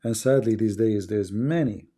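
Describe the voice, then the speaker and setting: A man with a lowish, mellow voice hosts a livestream, speaking casually in English at normal speed. He argues by posing rhetorical questions, and his grammar is non-native.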